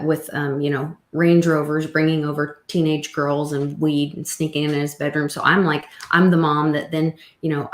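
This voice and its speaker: A woman host chatting casually and quickly about raising her kids. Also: low-pitched. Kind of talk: casual chat. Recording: roomy echo.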